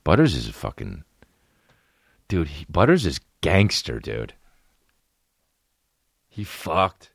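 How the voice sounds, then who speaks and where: A low-pitched young man rambles through profane stories with sudden animated bursts. He hosts a casual podcast, and his voice sits close and dry with no room sound. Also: slow pace, vocal fry, pauses often, slightly rough, no room sound. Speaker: podcast host. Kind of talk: casual comedic storytelling.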